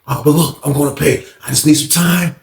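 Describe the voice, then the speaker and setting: Dude doing a quiet scared inmate, low and mumbly, begging for time, roomy sound. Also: male voice, brisk, gravelly. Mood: subdued. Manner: low, subdued, pleading. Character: quiet cornered male inmate in debt. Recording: echoey room.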